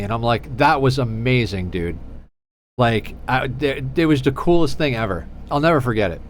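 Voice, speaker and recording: A man live-streaming a game, chatting casually with viewers, doting on his cat in playful baby talk and telling animated stories. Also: mid-range voice, a little hiss or hum. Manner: animated storyteller.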